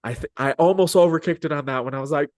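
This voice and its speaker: A man hosting a podcast interview, telling stories in an animated, joking, slangy way. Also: on the high side, fast talker, dry recording, studio quality. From Arizona. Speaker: podcast host. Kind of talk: casual interview chat.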